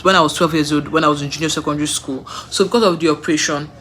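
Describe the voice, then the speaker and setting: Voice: mid-range voice, fairly even intonation, racing, fairly bright tone, slight background noise. A young adult with a Nigerian accent tells personal stories in a casual way, repeating words for emphasis and laughing between sentences. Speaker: vlogger.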